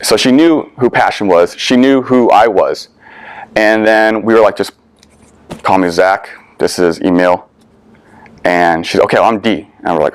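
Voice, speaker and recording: Earnest young male veteran, lowish voice. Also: moderate pace, clear, resonant tone, dry recording. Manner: earnest, candid, casual swearing, emotional swings. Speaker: veteran speaker. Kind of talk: personal storytelling talk.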